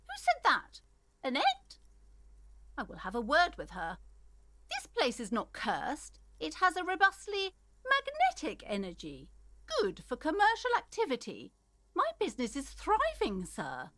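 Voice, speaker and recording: A proud, pushy shopkeeper lady from a video game, with a high, shrill voice that leaps all over the place. She talks like a saleswoman who expects answers. The sound is close and dry. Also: wildly swooping pitch, measured pace, sharp tone, dry recording, exaggerated voice. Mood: indignant. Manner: bossy, salesy. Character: proud pushy middle-aged woman shopkeeper.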